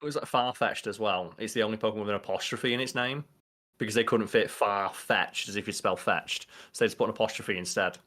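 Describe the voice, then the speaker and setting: Low-voiced man telling stories. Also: quick pace. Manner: animated storyteller, swears casually. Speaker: podcast co-host. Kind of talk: casual chat.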